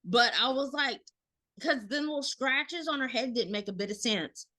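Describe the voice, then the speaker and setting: A woman in her thirties on a casual podcast, recounting a family story with lively acted-out quotes and plenty of swearing. Her voice is bright and sits fairly high. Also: moderate pace. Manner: animated storyteller, acts out quotes, swears freely. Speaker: podcast co-host.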